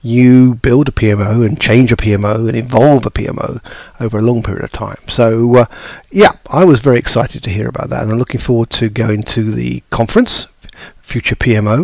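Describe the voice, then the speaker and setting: A man's voice: medium pitch, gravelly, darkish tone, no room sound. A man hosting a podcast, chatting casually with lots of ums and restarts. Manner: rambling, with many fillers and restarts. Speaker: podcast host.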